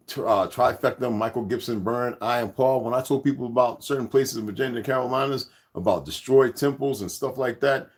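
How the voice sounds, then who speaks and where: A man's voice: medium pitch, slightly rough. A man hosting his own channel, talking loosely and rambling to his viewers as "y'all". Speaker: channel host. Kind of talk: casual vlog talk to viewers.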